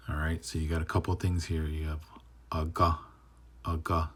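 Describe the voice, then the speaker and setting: A man teaching how to read a language, talking casually and repeating words slowly syllable by syllable, sometimes trailing into a whisper on the endings. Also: a bass voice, level tone. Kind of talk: casual spoken lesson.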